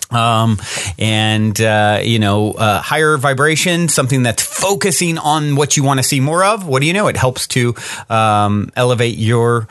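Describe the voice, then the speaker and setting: A man hosting a casual solo podcast, talking in a relaxed, musing way with plenty of ums and uhs. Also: mid-range voice, dry recording. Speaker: podcast host.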